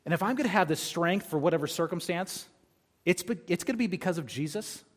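Higher-voiced male pastor preaching. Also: lively intonation, fast. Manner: conversational preaching, reading scripture aloud. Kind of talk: sermon.

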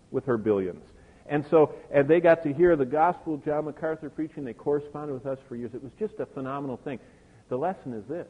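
Through tinny, phone-like audio drenched in long hall reverb, an older pastor shares a personal story in his sermon, wandering into frequent asides. He speaks with a medium-pitched, slightly rough voice.

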